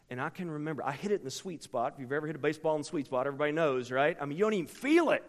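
A middle-aged man delivers a storytelling sermon in a slightly high voice. He swings from hushed, confiding asides to sudden shouts. His words echo with the long reverb of a large hall. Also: quick pace, hardly any pauses.

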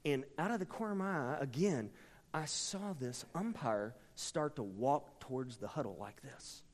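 A middle-aged man preaching a storytelling sermon, with a dramatic delivery that swings from hushed asides to sudden shouts. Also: mid-range voice, expressive, moderate pace. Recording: long reverb from a large hall.

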